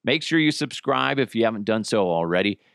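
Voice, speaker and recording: A man talks his way through a solo comedy podcast, rambling and making jokes at his own expense. His mid-range voice is very lively and swoops up and down. The recording is dry and close. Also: fairly low pitch, brisk, vocal fry, smooth, no echo. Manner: rambling, joking, self-deprecating, swears a lot. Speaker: podcast host.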